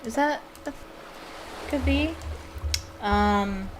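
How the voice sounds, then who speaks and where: A young woman, her voice slightly high and very slow, chats casually about a puzzle game while a noisy background plays on. She thinks out loud, hesitating and using lots of fillers, in a let's-play style.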